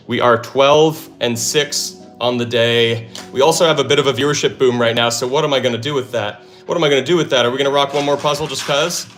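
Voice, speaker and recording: A man's voice: mid-range voice, quick pace, few pauses, a bit bright, soft background music. Upbeat man thinking aloud on stream. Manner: upbeat, thinks aloud, cheers when solving. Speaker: live stream host solving puzzles. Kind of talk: excited live stream chatter.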